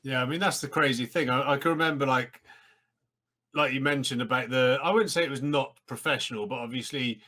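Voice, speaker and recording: A man's voice: mid-range voice, fairly quick, pushed and bright. An English man hosting an interview, chatty and stumbling over his words while he tells anecdotes. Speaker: host, former cricketer. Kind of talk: casual interview chat.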